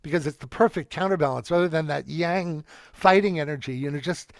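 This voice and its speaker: A man's voice: fairly high pitch, brisk, gravelly, no room sound, clean studio sound. A man speaking on a video call, earnest and affectionate, with spiritual phrasing. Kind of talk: casual chat.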